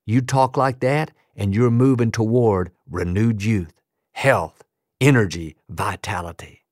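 A man's voice: fairly low pitch, unhurried, no room sound, clean studio sound. A man preaching a sermon as pastor, emphatic and building rhythmic lists of declarations.

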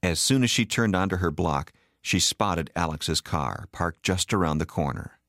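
A man reading a story aloud as an expressive audiobook narrator. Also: low-pitched, moderate pace, no echo, clean studio sound.

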